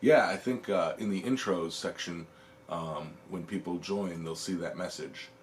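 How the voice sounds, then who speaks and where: A man hosting a casual livestream, relaxed and rambling, chuckling often as he reads the chat. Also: low voice, a little slow, slight background noise. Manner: relaxed, rambling, lots of ums. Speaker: livestream host.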